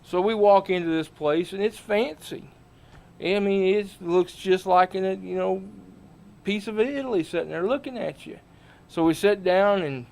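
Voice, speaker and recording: A man hosting a livestream as a small-town mayor, telling comic stories in a folksy, animated way. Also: a little high, smooth.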